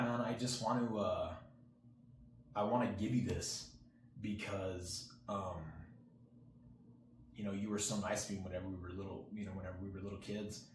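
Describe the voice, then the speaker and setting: A man's voice: on the low side, steady tone, moderate pace. A young man telling a personal story to his viewers in a casual, rambling way, full of fillers, acting out what his friend said. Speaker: channel host. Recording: roomy echo, faint background hiss.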